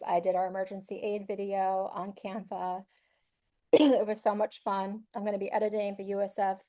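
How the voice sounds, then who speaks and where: A woman walks her audience through a webinar session. Her tone is upbeat and conversational, full of small fillers. Her voice is mellow and warm, sitting at a middle pitch. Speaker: webinar presenter. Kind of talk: instructional webinar presentation.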